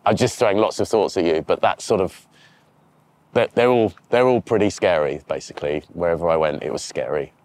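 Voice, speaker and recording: A man's voice: deep voice, a little fast, a little mellow. A man, a TV presenter being interviewed outdoors by a river, talking candidly and reflectively with frequent restarts.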